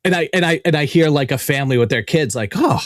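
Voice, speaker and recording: Animated, cursing podcast host, a man. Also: on the high side, quick pace, dry recording, studio quality. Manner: animated, profane storytelling. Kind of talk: casual chat.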